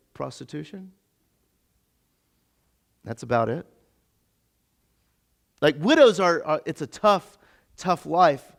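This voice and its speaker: A male pastor giving a casual, interactive sermon in a church, chatty and stumbling over his words, acting out the characters' lines in quick asides. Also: fairly high pitch, gravelly. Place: church sanctuary.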